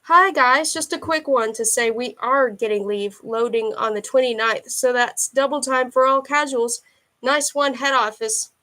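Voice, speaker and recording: A woman's voice: fairly high pitch, a little slow, bright, forceful tone. A woman reading aloud, voicing a breezy male office manager writing a casual, upbeat staff memo.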